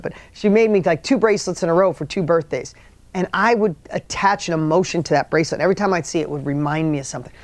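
A man's voice: sits high, no echo. A middle-aged man giving a motivational talk, earnest and rambling, often restarting his sentences. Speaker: motivational speaker.

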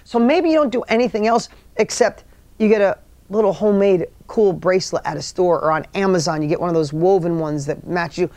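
A man's voice: high-pitched, fairly quick, darkish tone, dry recording. A middle-aged man giving a motivational talk, earnest and rambling, often restarting his sentences. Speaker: motivational speaker.

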